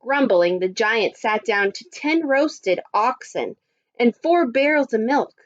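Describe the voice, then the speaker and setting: A woman teacher reading a story aloud to children, expressive and adding little asides. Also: a little high, takes it slowly, dull audio. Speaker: primary school teacher.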